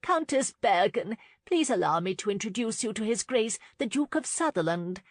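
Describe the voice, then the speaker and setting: A woman's voice: medium pitch, lively intonation, normal speed, no room sound, clean studio sound, pitched above the performer's own voice, lightly acted. A woman voicing a chirpy, fussy society hostess who keeps matchmaking.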